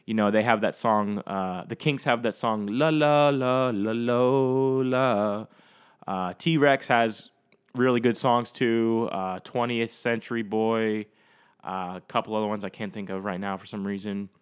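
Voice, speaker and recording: A man's voice: on the low side, moderate pace, smooth. Profane rambling young man on a podcast. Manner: rambling, profane, animated, talks straight to listeners. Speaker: podcast host. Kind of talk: casual solo podcast monologue.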